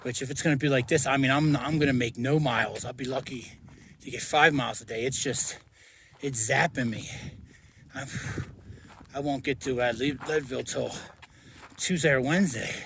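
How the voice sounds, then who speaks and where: A man's voice: mid-range voice, fairly even intonation, normal speed, vocal fry, fairly bright tone, a little hiss or hum. A man on a hiking vlog, talking to the camera while he walks a snowy mountain trail, out of breath and tired from the altitude. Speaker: thru-hiker vlogger.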